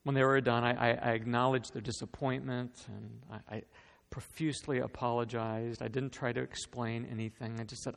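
A man's voice: medium pitch, little pitch movement, moderate pace, creaky, few pauses. A man preaching a sermon as pastor, earnest and storytelling, often repeating a word as he starts a phrase. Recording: long reverb of a large hall.

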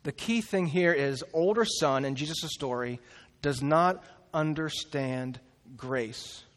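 Male pastor, high voice, animated storyteller, acts out the characters; recorded in a church hall with long reverb. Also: slow. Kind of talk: sermon.

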